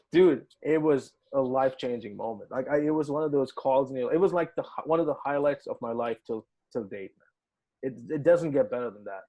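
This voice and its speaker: A man's voice: mid-range voice, normal speed, lo-fi sound. A man in a casual interview, telling a story with lots of swearing and acting out the dialogue. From United Arab Emirates. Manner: animated, swearing, acts out quoted dialogue. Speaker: musician guest.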